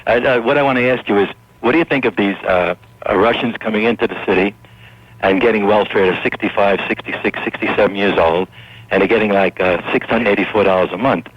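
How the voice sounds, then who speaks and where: A man's voice: fairly low pitch, quick pace, slightly rough, no echo. A man calling a talk radio show from Brooklyn, nervous and stumbling over his words. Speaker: caller. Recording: dry muffled radio phone call.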